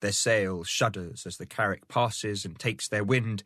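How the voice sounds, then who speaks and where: A man with a low, grounded voice narrates a historical novel in a measured storytelling manner. His reading is dry and close to the microphone, with no room around it. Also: no echo. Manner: steady storytelling, lifts pitch for quoted characters. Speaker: audiobook narrator. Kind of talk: scripted narration.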